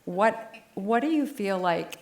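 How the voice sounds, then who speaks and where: A woman interviewing a guest in a relaxed onstage conversation, chatting casually and affirming her guest often. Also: mid-range voice, slow, creaky. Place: live talk event on stage.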